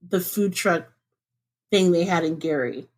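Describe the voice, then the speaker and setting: A woman co-hosting a podcast from home, chatting casually and laughing often. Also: measured pace. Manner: chatty and laughs often, with lively swings up in pitch. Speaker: podcast co-host.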